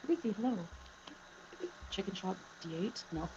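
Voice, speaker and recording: On a livestream where she's a guest, a woman with a mid-range, expressive voice talks at a moderate pace and greets people by name as she reads the chat. The sound is lo-fi, recorded on a home mic with a fan humming loudly in the background.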